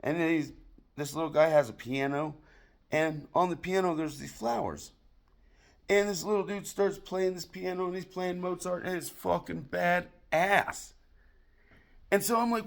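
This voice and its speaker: A man doing crude stand-up comedy, telling a long joke story with acted-out dialogue in a deadpan way. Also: a little high, normal speed, vocal fry. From United States.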